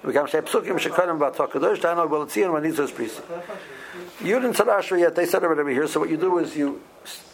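Gravelly, slightly high-voiced man, teaching law haltingly over a murmuring crowd. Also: low-quality recording. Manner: halting, many ums and restarts, mixes Hebrew and Aramaic terms. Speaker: Torah teacher. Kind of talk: halacha class explaining Jewish law.

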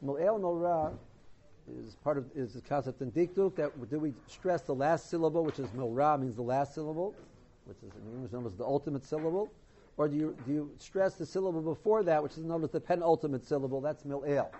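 A man giving an informal lesson on the laws of Torah reading, halting often and restarting his sentences. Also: a little high, dark tone. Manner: halting, many restarts and repeated words. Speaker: Torah teacher. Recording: dull lo-fi recording.

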